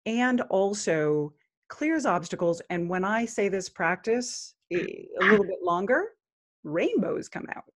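A woman guest on a podcast interview, calmly explaining a spiritual practice. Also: medium pitch. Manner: calm, unhurried explaining. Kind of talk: interview, chanting a mantra.

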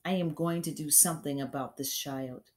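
A woman voicing a gentle young teacher who pleads earnestly for her pupil, read from a storybook. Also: low voice, moderate pace, close to an everyday voice. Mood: earnest, pleading. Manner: pleading, raised and urgent.

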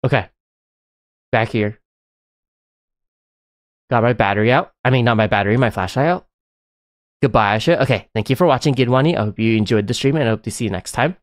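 A man giving excitable, chatty live commentary while playing a game, often breaking into laughter. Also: medium pitch, brisk, long pauses, no echo, studio quality. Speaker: live streamer.

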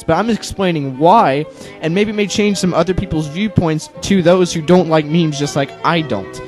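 A teenage boy rants on his own YouTube channel in a high, slightly mellow voice. He's sarcastic and exasperated, swears a lot, and mocks others with silly voices in this monologue.

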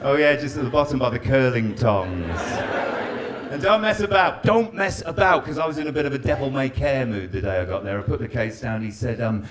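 A stand-up comedian works a live venue, talking with the audience and poking fun at them as the crowd laughs. His voice is mid-range and his delivery fairly quick.

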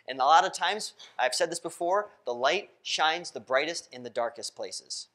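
A man preaching in a church at an average pitch. He talks in a loose, conversational way, throws questions out to the congregation and laughs easily. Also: expressive, fairly quick, hardly any pauses, sharp tone. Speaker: pastor. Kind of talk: interactive sermon. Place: church sanctuary.

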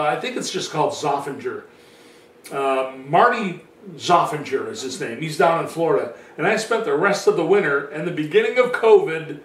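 Chatty male vlogger, slightly high voice, roomy sound from a distant mic. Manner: rambling, chatty, with many fillers. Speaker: vlogger telling his own story. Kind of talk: casual storytelling monologue.

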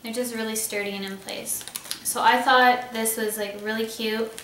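A woman's voice: on the high side, steady tone, normal speed, sharp tone. A young woman chatting casually and enthusiastically as she shows off clothes and accessories, thinking aloud as she goes. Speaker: beauty vlogger. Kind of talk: casual haul video. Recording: roomy echo, somewhat far from mic, faint hiss.

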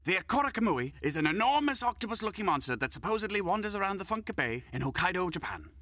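A man's voice: sits high, big pitch swings, quick pace, pushed and bright, dry recording. A man narrating comedy sketches in a dry, mock-serious scripted style.

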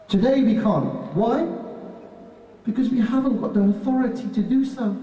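A man's voice: very high-pitched, warm tone. Man preaching from a distant, echoey hall. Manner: emphatic, rhetorical questions, repeats "brothers". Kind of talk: lecture on religion. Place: lecture hall.

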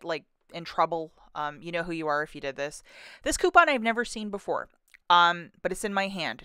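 A woman's voice: fairly low pitch, bright, forceful tone, smooth, no echo. Couponing vlogger, woman, casual storytime, full of fillers, dry close sound. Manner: chatty, many fillers, acts out her own thoughts.

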